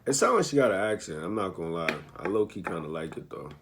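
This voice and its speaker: A man's voice: sits low, lively intonation, fast, very noisy. A man giving laid-back, slangy reaction commentary on a video, thinking aloud and correcting himself. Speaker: commentator reacting to a dating show.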